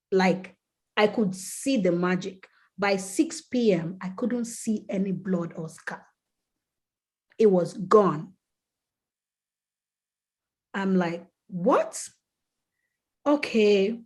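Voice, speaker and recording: A woman speaks as a podcast guest at a middle pitch, recounting a hard stretch of her life in earnest, vivid detail. She tells it with feeling and slips into a raised voice to act out the people she quotes. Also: darkish tone. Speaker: podcast guest, skincare brand founder. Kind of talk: personal storytelling in a podcast interview.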